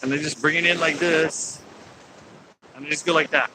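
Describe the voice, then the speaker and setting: A man's voice: fairly high pitch, fairly even intonation, normal speed, background noise. A man chatting casually to viewers of his live stream while fishing outdoors on a pier, laughing and talking back at sea lions. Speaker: angler livestreaming from a pier.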